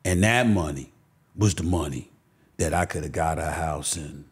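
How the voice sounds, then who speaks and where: A man's voice: extremely low pitch, normal speed, husky. A middle-aged man from Queens with a New York accent, a guest telling stories emphatically with many restarts. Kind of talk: podcast interview, storytelling.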